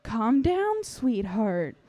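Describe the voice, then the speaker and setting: A woman voicing her calm, coaxing middle-aged mother. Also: a little high, slow pace, no room sound. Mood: soothing.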